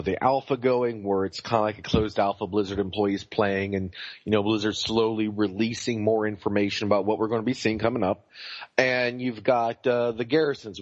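A man's voice: fairly low pitch, dry recording. Man, podcast co-host, casual rambling chat, fillers and swearing, dull lo-fi mic.

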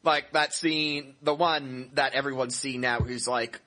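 A man co-hosting a casual gaming podcast. He is playful and jokey and laughs easily at his own puns. His voice has a bright, forward edge at a middle pitch. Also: fairly even intonation, measured pace. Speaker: podcast co-host.

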